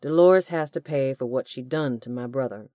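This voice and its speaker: A woman's voice: very deep voice, normal speed, mellow, dry recording, studio quality. A woman voicing a menacing male villain with a Southern accent, who speaks in a casual drawl and erupts into screams. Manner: friendly drawl turning to screams.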